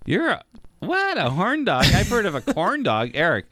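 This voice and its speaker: A man co-hosting a radio chat show, playful and teasing, reading sponsor plugs with drawn-out emphasis. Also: sits high, huge pitch swings, sharp tone, no echo. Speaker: radio co-host. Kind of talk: casual radio chat with ad reads.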